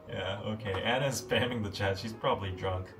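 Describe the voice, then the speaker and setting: A man's voice: on the low side, steady tone, brisk, recorded from a distance, over music. A man in his thirties hosting a podcast livestream, talking in a casual, rambling way with lots of fillers. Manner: rambling, chatty, with frequent fillers. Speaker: podcast host.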